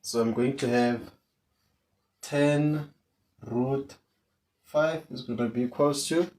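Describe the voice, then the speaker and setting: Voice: medium pitch, slow pace, a little mellow, a little hiss or hum. A maths tutor, teaching an online lesson and repeating each question to coax answers from students.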